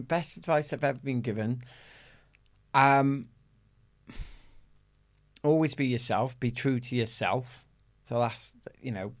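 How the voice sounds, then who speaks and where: A middle-aged Welsh man, an athlete guest in an interview, telling a personal story in an animated way and acting out the voices he quotes. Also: medium pitch. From Wales.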